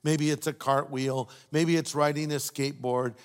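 An older man preaches a sermon with warm storytelling and playful asides. His voice sits a bit high for a man. It carries a long reverb from a large hall or church. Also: fairly even intonation, normal speed, smooth. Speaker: pastor.

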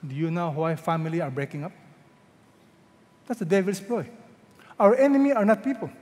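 A middle-aged Filipino-accented man preaches a sermon with a high voice. He fires questions at the congregation and draws scripture quotes out slowly. His voice rings with the long reverb of a large church hall. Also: a little mellow. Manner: calls out questions for the congregation to answer; slows right down when quoting scripture. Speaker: senior pastor.

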